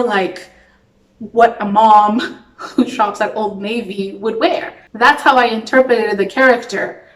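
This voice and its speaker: A young woman, an actress, telling a personal story in a lively, self-mocking vlog style. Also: medium pitch. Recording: roomy sound, a bit far from the mic.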